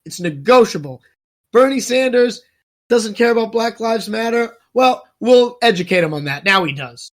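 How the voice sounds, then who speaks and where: A high-voiced man in a heated podcast rant, stammering and cursing as his anger builds. His voice sits well above the usual male range and stays fired up. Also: expressive, moderate pace. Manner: ranting, swears a lot, stammers when angry. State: worked up, spitting mad. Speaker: podcast co-host.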